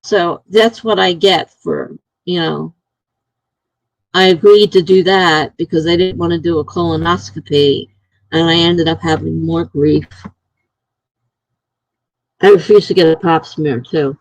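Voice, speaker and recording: A middle-aged woman chats casually on a live stream from home. She talks slowly, telling stories and acting out the lines other people said. Her voice sits close and dry, with no room sound around it. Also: on the low side, fairly even intonation, gravelly, no room sound, poor audio. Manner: storytelling, acting out what others said. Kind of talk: casual chat.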